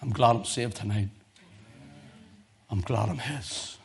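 A male preacher delivering a fervent sermon, swinging from loud emotional crescendos to low, intense tones. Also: slow pace, vocal fry, slight background noise.

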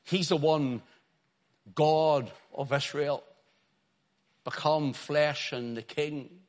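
A man's voice: a little high, steady tone, very slow. Impassioned preacher man. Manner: impassioned preaching, swings from quiet to shouting. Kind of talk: sermon.

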